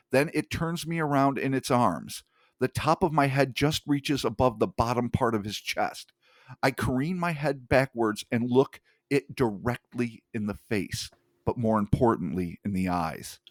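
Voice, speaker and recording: A male podcast host reading an account aloud in a hushed, measured way, with casual swearing in his asides. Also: medium pitch, no room sound.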